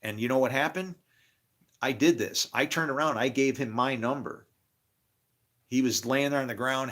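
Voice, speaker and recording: Bright-voiced profane rambling man. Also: medium pitch. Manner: profane, excitable, preachy outbursts. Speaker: guest. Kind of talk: rambling storytelling monologue.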